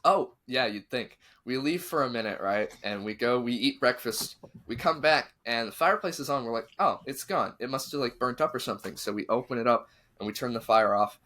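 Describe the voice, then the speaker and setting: A man with a mid-range voice talks a little fast as he hosts a podcast. In casual chat he tells a spooky story, animatedly acting out the quotes of the people in it.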